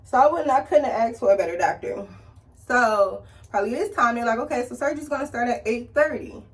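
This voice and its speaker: Chatty woman vlogger telling a story over her makeup, animated, acting out every voice in it, higher-pitched and a little off-mic. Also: fast, far from the mic. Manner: animated, acts out quoted people with big pitch jumps. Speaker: beauty vlogger. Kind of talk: casual storytelling while doing makeup.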